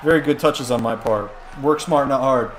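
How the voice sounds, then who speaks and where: A man's voice: medium pitch, moderate pace, noisy background. A man commentating a wrestling video game on a live stream, rambling and joking through the play-by-play. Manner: rambling, jokey, excitable play-by-play.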